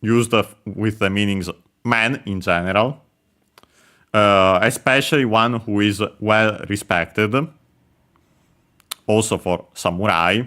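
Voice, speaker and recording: A man giving a casual language lesson, explaining slowly with many hesitant pauses and fillers. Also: lowish voice, bright, forceful tone, clear, resonant tone. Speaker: language teacher.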